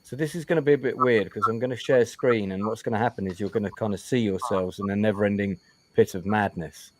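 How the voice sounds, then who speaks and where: A man's voice: lowish voice, fairly even intonation, fast talker, darkish tone, slight background noise. A man hosting a casual interview over a video call, chatty and repeating words as he gathers his thoughts. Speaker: interview host.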